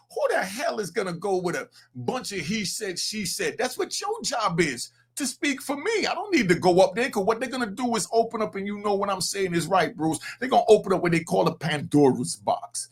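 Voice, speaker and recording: Gravelly, high-voiced, fired-up man. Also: very animated, brisk, hardly any pauses. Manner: blunt, profane street talk, fired up. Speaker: podcast host. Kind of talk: casual opinionated commentary.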